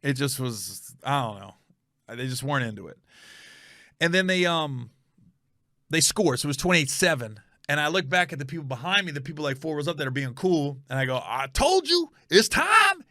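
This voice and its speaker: Middle-aged male comedian-host, lively storyteller with a bright, higher voice, dry close mic. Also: a little fast, no echo. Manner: animated, acts out voices in his stories. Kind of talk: casual storytelling monologue.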